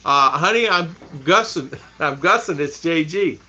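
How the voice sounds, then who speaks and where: A man's voice: a little high, expressive, a little slow, sharp tone, lo-fi sound. A man hosting a casual live stream, chatting with viewers, reading their names aloud and laughing often. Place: home in the Philippines.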